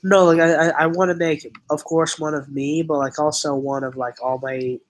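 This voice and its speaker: A man's voice: fairly high pitch, flat delivery, normal speed, rough recording. A young man hosting a casual stream chat, often stumbling over and restarting his words. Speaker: channel host.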